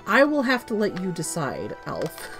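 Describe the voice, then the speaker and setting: A woman's voice: lowish voice, wildly swooping pitch, normal speed, over music. A woman streamer giving chatty, amused commentary while playing a game.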